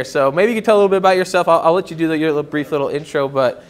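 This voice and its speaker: A man hosting a small event, introducing the next speaker casually with many restarts. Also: a little high. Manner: halting, full of restarts.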